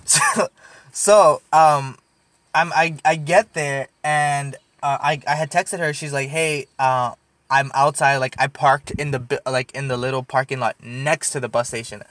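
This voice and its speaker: A man's voice: mid-range voice, steady tone, unhurried, a bit bright, dry recording. A young man telling a long story in casual, rambling chat, full of fillers, swearing and laughs. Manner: rambling, filler-heavy, profane, laughs often. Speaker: podcast storyteller.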